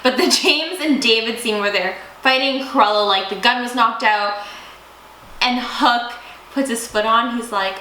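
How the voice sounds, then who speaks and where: A woman's voice: a little high, a little slow, pushed and bright. A young woman co-hosting a casual TV review chat, gushing and giggly, swearing casually. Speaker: co-host. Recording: echoey room with faint hiss.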